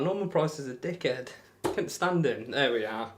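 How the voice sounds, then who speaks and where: A man's voice: medium pitch, lively intonation, normal speed, hardly any pauses, noisy background. A man with a broad Northamptonshire accent chatting casually to viewers on a darts live stream, laid-back and laughing often. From England.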